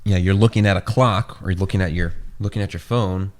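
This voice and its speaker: A man with a very low, deep voice talks loosely as a podcast host, stopping and restarting his thoughts with lots of ums. His voice is getting tired and starting to go. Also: fairly even intonation, a little fast. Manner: rambling, many fillers and restarts. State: losing his voice. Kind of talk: casual podcast chat.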